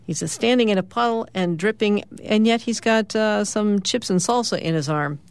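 A middle-aged woman, a radio host, describing the morning's comic strips aloud in a lively storytelling way. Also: mid-range voice, normal speed, clear, resonant tone, dry recording. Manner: lively storytelling, lifting her voice for characters' lines.

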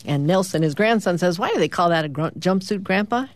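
A middle-aged woman with a somewhat low voice hosts a morning radio segment, walking listeners through the day's comic strips. She tells each strip like a lively little story and lifts her voice when the characters speak. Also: a little fast. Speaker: radio host.

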